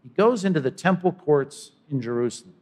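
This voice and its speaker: A man preaching a sermon as pastor, swinging from loud to hushed and voicing imagined speakers. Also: a little high, expressive, a little fast. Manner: dynamic preaching, voices imagined speakers, sudden drops to quiet.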